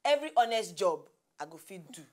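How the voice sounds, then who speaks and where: A woman with a Nigerian accent chats on a TV talk show in a halting, playful manner. Her voice is mid-pitched, and she laughs between her lines. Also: very animated, a little mellow. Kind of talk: casual chat in Nigerian Pidgin.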